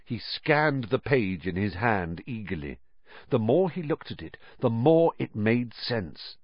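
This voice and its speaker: A man reading an audiobook, narrating in a measured, expressive storytelling manner. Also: mid-range voice, husky, no echo, muffled recording. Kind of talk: scripted narration.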